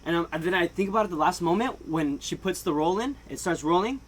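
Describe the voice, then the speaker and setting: A man telling a comedic storytime, animated and casual, swinging between loud outbursts and hushed asides and laughing often. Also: high-pitched, fast talker, slight background noise. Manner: casual slang and swearing. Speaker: vlogger.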